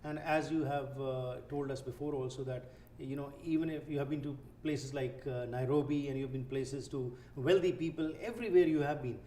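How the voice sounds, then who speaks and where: A man hosts a talk show and asks long, formal questions with some hesitations. His voice is mellow and mid-pitched. The room is echoey, with a faint hiss underneath. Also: steady tone. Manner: formal, halting, many backchannel affirmations. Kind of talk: interview questions.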